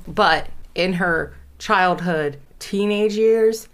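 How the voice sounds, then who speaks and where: A woman's voice: mid-range voice, slow pace. A woman telling a true story in casual chat, giggly, often trailing off and restarting.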